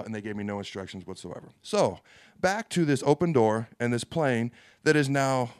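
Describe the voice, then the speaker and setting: A young football player co-hosts a laid-back sports podcast, telling a long story with self-mocking asides. His mid-range voice moves at a moderate pace, with a clean, echo-free, studio-quality sound.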